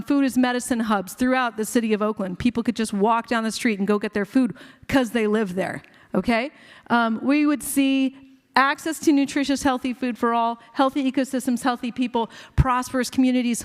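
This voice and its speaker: A woman physician giving a passionate conference keynote, quick and conversational with many fillers. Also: a little high. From India. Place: large conference hall. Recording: long hall reverb.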